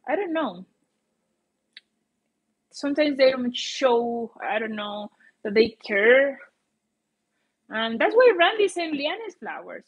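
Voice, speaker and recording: This Colombian-accented vlogger, whose first language is Spanish, keeps her livestream chat casual while often hunting for the right English word. Her voice sits fairly high and has a slightly rough edge.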